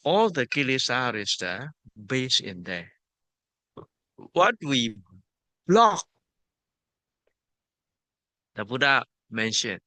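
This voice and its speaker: A man from Myanmar, a monk and meditation teacher, giving a dharma talk at a retreat in simple, halting English, repeating words and using Pali terms. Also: mid-range voice, sing-song, bright, forceful tone, dry recording.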